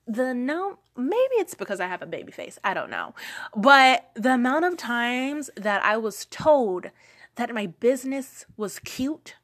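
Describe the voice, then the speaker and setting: A woman's voice: a little high, big pitch swings, unhurried, a bit bright. Young woman, light Geechee lilt, chatty storyteller, loose fillers, repeats herself for effect. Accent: light Gullah Geechee, Lowcountry South Carolina. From Charleston, South Carolina. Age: young adult. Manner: chatty, many fillers, repeats lines for emphasis. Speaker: business owner telling her story. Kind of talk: casual personal storytelling.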